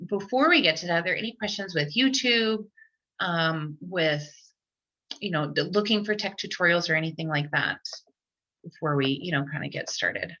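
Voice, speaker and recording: A woman's voice: fairly low pitch, lively intonation, normal speed, pushed and bright. A woman presenting a live online tech workshop for teachers, chatty, with lots of fillers and restarts. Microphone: computer mic on a video call. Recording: dull lo-fi online call audio.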